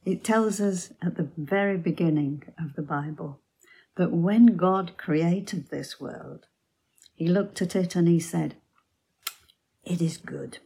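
Woman giving a bible talk, slow, gravelly, husky, low voice, hushed storytelling. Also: rough recording. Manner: slow storytelling, drops to soft near-whispers. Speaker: Bible teacher.

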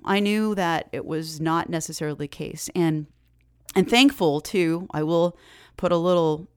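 A woman hosts her own podcast, chatting in an animated, encouraging way with plenty of "like" and "um". Her voice sits on the low side and the sound is dry and close, with no room around it. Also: no room sound. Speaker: podcast host. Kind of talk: casual solo podcast talk.

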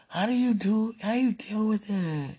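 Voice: mid-range voice, dark tone, breathy edge. A speaker in a fervent devotional monologue, sighing and laughing often and repeating words.

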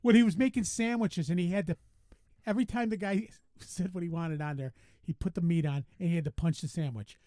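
A man co-hosting a casual podcast, telling stories with lively quoted voices. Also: high voice, fairly quick, no echo, clean studio sound. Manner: animated storytelling, voices rising when quoting. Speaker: podcast co-host. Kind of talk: casual chat.

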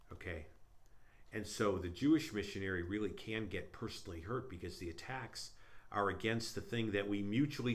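A man, a missionary, talking through scripture in a casual discussion with emphatic, animated delivery that swings between loud punchlines and quiet asides. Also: fairly low pitch. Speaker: Jewish missionary.

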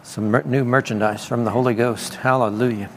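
A man speaks briskly in a mid-range voice with fairly even intonation, some slight background noise audible. He preaches and gives prophetic words casually, with laughing asides and repeated praise, as part of informal charismatic ministry in a church meeting hall marked by long reverb and faint ambience.

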